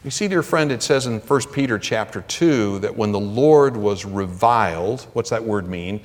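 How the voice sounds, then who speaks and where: A man's voice: lowish voice, lively intonation, normal speed. A man preaching a sermon as a pastor, emphatic, lifting his voice for scripture readings. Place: church sanctuary. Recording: long reverb of a large hall.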